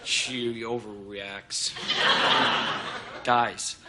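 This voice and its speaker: An actor playing a smug, deadpan, ignorant male tourist doing a stand-up monologue. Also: on the low side, very slow, very noisy.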